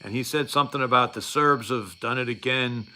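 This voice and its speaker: Bright-voiced middle-aged man telling a story. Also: medium pitch, brisk. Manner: rambling, wry, with frequent fillers and restarts. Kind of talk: casual storytelling.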